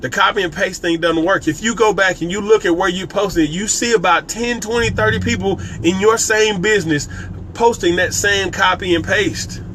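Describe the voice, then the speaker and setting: A man with a notably high voice delivers a casual, emphatic business coaching talk to his live viewers. He repeats his points and speaks directly to the audience. There is a faint hum of noise behind him. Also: normal speed, fairly bright tone. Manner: casual and conversational, with frequent restarts. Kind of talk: live-streamed motivational talk.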